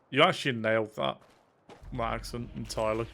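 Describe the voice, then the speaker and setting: A man streaming a game live, swearing often and talking to his viewers in excited bursts. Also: medium pitch. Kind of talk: live gameplay commentary.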